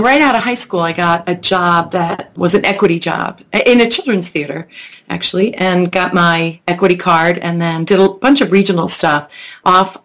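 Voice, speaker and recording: Guest, middle-aged woman from Long Island, low-ish voice, chatty and easygoing. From Long Island, New York. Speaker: guest, children's musician. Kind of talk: casual chat. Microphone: video call.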